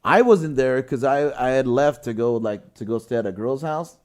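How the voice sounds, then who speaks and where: A man's voice: medium pitch, normal speed, darkish tone. A man hosting a podcast, telling a long rambling story in casual chat, swearing often and laughing mid-sentence. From Washington State, US. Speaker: podcast host. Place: podcast studio with guests.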